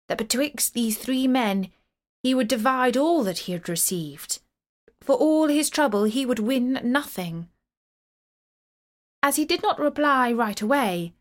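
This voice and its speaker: A woman reading a medieval tale aloud in a steady, clear storytelling voice. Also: a little high, measured pace.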